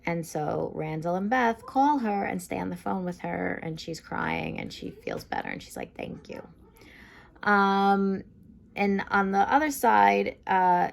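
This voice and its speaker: A young woman talks her way through a casual TV episode review, her speech loose and rambling with frequent "um"s and "like"s. Her voice sits a little low and carries a gravelly fry at the ends of phrases. She sounds like someone chatting informally rather than reading a script. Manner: chatty, lots of fillers like "like" and "um", acts out quotes. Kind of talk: casual spoken recap and review.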